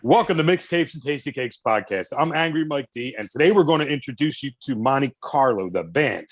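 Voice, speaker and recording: A man's voice: mid-range voice, animated, brisk. A man hosting a casual podcast, giggling and restarting his intro as he goes. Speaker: podcast host.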